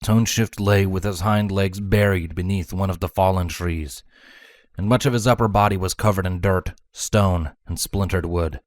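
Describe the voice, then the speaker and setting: Man, very deep voice, measured dramatic story narration, dry close sound. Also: fairly even intonation, dry recording. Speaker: fanfiction reader.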